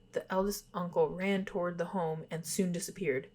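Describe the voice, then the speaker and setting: A young woman co-hosting a podcast, reading spooky stories aloud and stopping to chat, giggly and quick to apologize for her stumbles. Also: lowish voice, steady tone, a little mellow. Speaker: podcast co-host.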